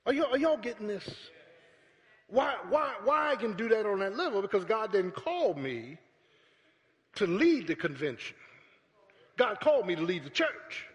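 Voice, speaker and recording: A pastor preaching a sermon to his congregation, calling out to them and building up to shouts. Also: high voice, big pitch swings, normal speed, pauses often. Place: church sanctuary. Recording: echoey church hall.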